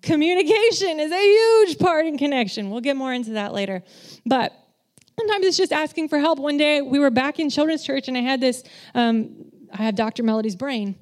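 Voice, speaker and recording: Speaking a little fast in a high-pitched voice, this woman preaches in a conversational way. She's in children's ministry, and her talk is candid, self-deprecating and animated, with quoted voices acted out.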